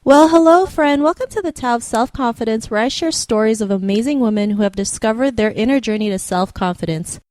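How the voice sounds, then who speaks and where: A woman hosting an interview podcast, asking questions in a cheerful, upbeat way with lively rises. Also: a little high, fairly quick, hardly any pauses. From Canada. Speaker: podcast host.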